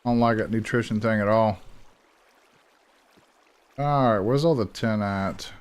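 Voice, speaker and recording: A man's voice: on the low side, measured pace, smooth. A young man casually talking through his gameplay as the host of a gaming channel, rambling and chatting to himself as he plays. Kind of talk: casual let's-play commentary.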